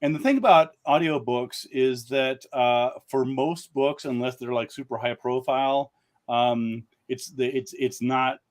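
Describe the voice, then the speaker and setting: A man of ordinary middle pitch chats casually as a guest author. He rambles and circles back, with frequent "uh" fillers and restarts. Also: fairly even intonation, a little slow. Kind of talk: casual live-stream chat.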